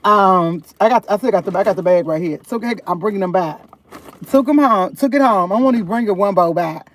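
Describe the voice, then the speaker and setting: A woman's voice: mid-range voice, brisk. A woman livestreaming from her parked car, telling rambling stories to her viewers and laughing often as she talks. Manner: rambling, chatty, keeps addressing viewers as y'all; laughs often, animated when retelling. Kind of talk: casual live-stream storytelling.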